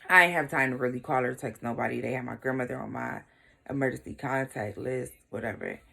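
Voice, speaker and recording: A young woman vlogger telling a personal story in a candid, casual way, brushing details aside with quick throwaway remarks. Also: rumbling low, gravelly, bright, forceful tone, slightly rough. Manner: casual, shrugging asides like "blah, blah" and "whatever".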